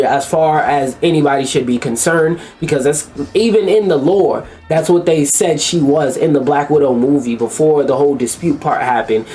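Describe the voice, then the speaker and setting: A man's voice: a little high, darkish tone. A man giving casual, crude reaction commentary, rambling and stumbling over names as he reads through a list. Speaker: commentary YouTuber.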